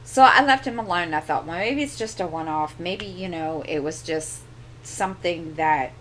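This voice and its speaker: A middle-aged woman with a fairly low voice talks casually into a desk microphone in her home craft corner. She rambles through an exasperated story and keeps doubling back with asides. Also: normal speed, fairly bright tone, slight background noise. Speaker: crafting channel host. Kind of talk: casual chat.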